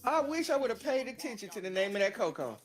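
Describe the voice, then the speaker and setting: A woman casually telling an animated, profane story. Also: on the high side, fast talker.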